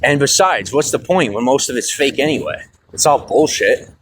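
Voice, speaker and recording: A man's voice: mid-range voice, expressive, moderate pace. Man, angry livestream rant, heavy swearing, stressed, faint background noise. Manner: agitated, swearing, swings loud and quiet. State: stressed and fired up. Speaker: livestream host. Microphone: phone.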